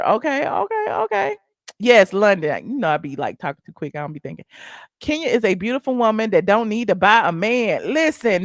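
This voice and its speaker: A woman's voice: medium pitch, no room sound. Chatty woman gossip host, dry sound. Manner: chatty, exclamatory, with sudden asides. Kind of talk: casual livestream gossip commentary.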